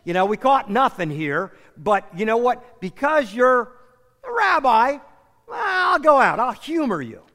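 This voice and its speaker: A man preaching a sermon, animated, acting out the lines he quotes. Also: very high voice, measured pace. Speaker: pastor. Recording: hall reverb.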